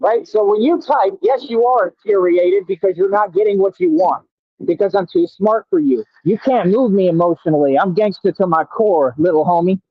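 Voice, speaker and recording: A brash, boastful man rants at his critics in a high, confrontational voice. The sound is tinny and phone-like, and very dry with no room around it. He drags out words slowly when he wants them to land. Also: dry recording. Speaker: radio show host. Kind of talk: combative live-stream rant at commenters.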